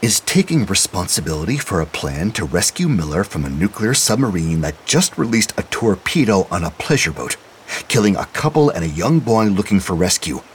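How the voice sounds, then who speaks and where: A man with a low voice voicing a determined, defiant woman investigator in an audio drama, curt and cool. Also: very animated, moderate pace, slight background noise, low-quality recording. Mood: angry.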